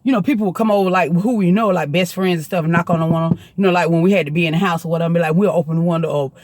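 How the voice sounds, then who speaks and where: A woman with a Southern US accent telling a story in a chatty, profane, animated way to the camera. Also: fairly low pitch, very fast, dry recording.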